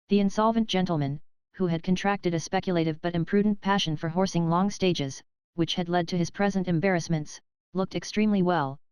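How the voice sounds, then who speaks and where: A woman reading a classic novel aloud as an audiobook narrator, in a measured, even way. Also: lowish voice, clear, resonant tone, no room sound, low-quality recording. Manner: measured, even storytelling read.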